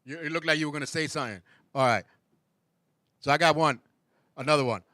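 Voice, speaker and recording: A man's voice: on the high side, fast talker, pauses often, sharp tone, no echo, studio quality. A man hosting a show, chatting casually, laughing often and mimicking people in sing-song voices. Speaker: show host. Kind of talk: casual chat.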